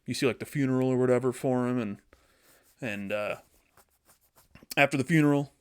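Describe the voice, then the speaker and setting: Male podcast host, casual storyteller, animated, pitches a plot, mid-pitch voice. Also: moderate pace, clear, resonant tone. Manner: animated, acting out characters.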